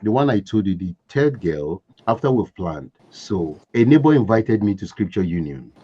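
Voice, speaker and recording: Man from Africa telling animated stories. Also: on the low side, moderate pace, slightly rough. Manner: animated storyteller, laughs and acts out scenes. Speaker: podcast guest, entrepreneur. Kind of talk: casual storytelling interview. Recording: dull lo-fi sound.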